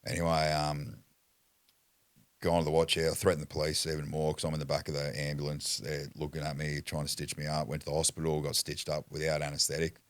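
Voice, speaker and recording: A man's voice: very deep voice, monotone, brisk, no echo. An Australian man telling a story as a podcast guest, blunt and foul-mouthed in casual chat. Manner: blunt, heavy swearing, acts out quotes.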